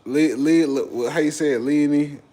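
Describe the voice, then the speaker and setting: A man's voice: on the high side, fairly even intonation, measured pace, mellow. Profane, joking young streamer man. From Texas. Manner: profane, joking, banters with chat. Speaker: livestream host. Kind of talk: casual livestream chat reacting to viewers.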